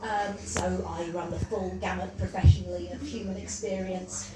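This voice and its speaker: A woman doing a stand-up comedy set in a pub, chatty and self-mocking, with quick asides. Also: lowish voice, steady tone, over loud music. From Wales. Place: pub comedy gig with a live audience. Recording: roomy live mic from a distance, audience laughter.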